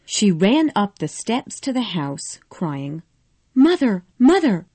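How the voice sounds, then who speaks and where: A woman narrating a storybook in an expressive, measured way. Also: mid-range voice, no echo.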